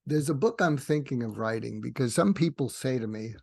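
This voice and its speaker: Older male guest, rambling storyteller, animated quotes, mid pitch. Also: brisk, creaky, dry recording. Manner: rambling with frequent restarts, acts out dialogue with rising pitch. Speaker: psychiatrist guest. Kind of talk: animated storytelling in a podcast interview.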